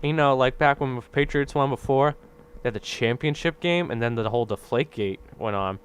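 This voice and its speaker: A man's voice: mid-range voice, fairly quick, smooth. A young man ranting casually while playing a game, rambling, exasperated and constantly asking "right?". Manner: exasperated griping. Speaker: gaming video creator. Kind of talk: casual rant over gameplay commentary.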